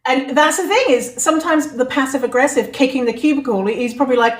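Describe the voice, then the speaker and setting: Candid higher-voiced woman in an echoey room. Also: quick pace. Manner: candid, laughing, swears casually. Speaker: podcast host. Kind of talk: casual podcast chat.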